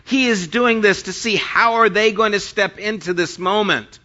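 A man's voice: high voice, moderate pace, sharp tone, muffled recording. A man preaching a sermon as pastor, reading scripture aloud and then retelling it in plain everyday speech.

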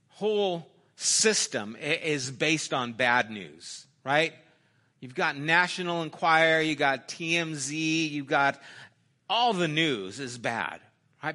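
A middle-aged man preaching a sermon in a conversational way, swinging from loud emphasis down to quiet, intimate asides. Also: on the high side, expressive, slow. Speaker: pastor.

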